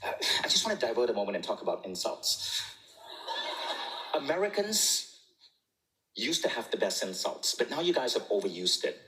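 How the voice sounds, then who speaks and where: Middle-aged male storyteller, bright and clear, playful and animated delivery. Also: mid-range voice, moderate pace, pauses often, low-quality recording. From Malaysia. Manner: jokey, animated, laughs at own jokes. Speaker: speaker telling a personal story. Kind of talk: humorous storytelling talk.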